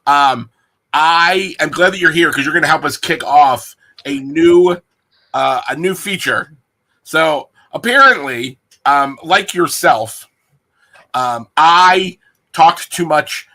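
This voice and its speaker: A man's voice: on the high side, animated, slow pace, sharp tone. A man hosting a casual stream, playful and rambling, joking with his guest. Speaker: host. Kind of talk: casual livestream chat.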